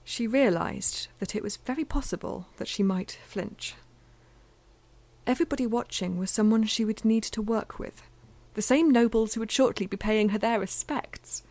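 A woman's voice: fairly high pitch, darkish tone, no echo. Woman narrating fiction in a dry, close voice. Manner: measured, intimate reading that dips into near-whispers. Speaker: audiobook narrator.

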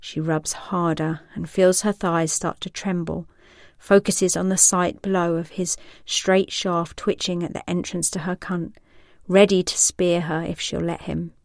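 A woman reading an erotic story in a slow, sensual, measured way. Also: on the low side, flat delivery, no room sound, clean studio sound. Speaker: narrator. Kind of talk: scripted erotic story narration.

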